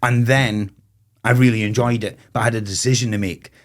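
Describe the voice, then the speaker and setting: A man's voice: mid-range voice, fairly even intonation, a little fast. A man of around forty from Moray in Scotland, a festival owner telling stories as a guest in a casual podcast chat. He rambles, swears freely and laughs often.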